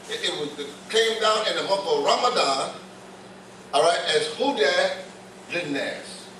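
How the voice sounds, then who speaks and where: Older male imam, sermon delivery, slightly high voice, stumbling restarts, recorded from far off in a very echoey hall. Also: a bit bright, a little hiss or hum. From United States. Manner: restarts and repeats words, explains verses to the congregation. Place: large mosque prayer hall.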